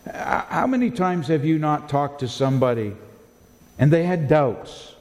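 A male pastor preaching a sermon in a deliberate, emphatic way, posing rhetorical questions to his congregation. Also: a little high, big pitch swings, darkish tone. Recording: long hall reverb.

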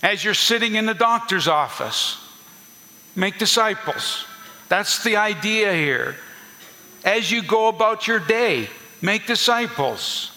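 A man's voice: high voice, expressive, slow pace, sharp tone, in a large hall. A man preaching a sermon as a pastor, teaching earnestly and repeating key points for emphasis.

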